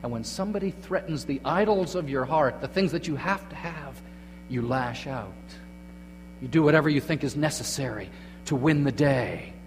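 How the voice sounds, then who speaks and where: A man preaching a sermon as pastor, moving between quiet, hushed phrases and emphatic, raised lines. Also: on the high side, moderate pace. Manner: dramatic shifts between hushed and emphatic delivery. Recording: long hall reverb with faint mains hum.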